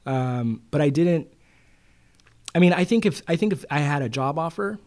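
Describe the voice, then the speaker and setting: A man's voice: a little high, normal speed. Middle-aged man telling a story. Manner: animated storyteller quoting others with "he goes". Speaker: guest, loan broker. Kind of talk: casual interview storytelling.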